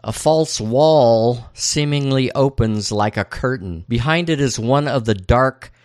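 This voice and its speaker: A man's voice: medium pitch, unhurried, darkish tone, no echo, studio quality. A man co-hosting a podcast, recapping a TV episode in casual chat and laughing now and then as he goes. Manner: plain-spoken recap, laughs while quoting lines. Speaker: podcast co-host.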